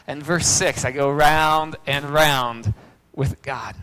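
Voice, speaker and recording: A man's voice: on the high side, measured pace, hardly any pauses, clean tone, low-quality recording. Dramatic male pastor preaching. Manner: swings from loud cries to hushed near-whispers. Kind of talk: sermon.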